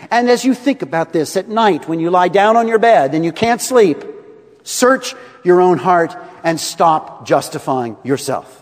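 A man preaching a sermon as pastor, expressive, swinging between rising emphasis and soft, quiet drops. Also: high voice, moderate pace, long reverb tail.

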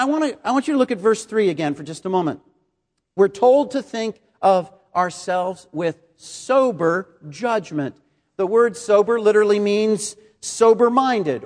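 A middle-aged man preaching a sermon, measured and explanatory, posing rhetorical questions to the congregation. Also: high voice, big-room sound. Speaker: pastor.

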